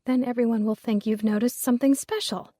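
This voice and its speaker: Woman reading as sly middle-aged mom, dry and sarcastic, bit higher voice. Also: fairly even intonation, a little fast, dry recording, lightly acted. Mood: knowing. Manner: hushed, conspiratorial, dryly sarcastic. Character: shrewd wry middle-aged Southern mother. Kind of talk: audiobook character reading.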